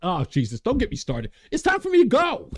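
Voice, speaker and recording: A male talk show host with a high, lively voice that swings widely in pitch. He rants with growing energy, laughs at himself and reads out viewer comments between his points. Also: brisk. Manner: animated, gets worked up and laughs at himself.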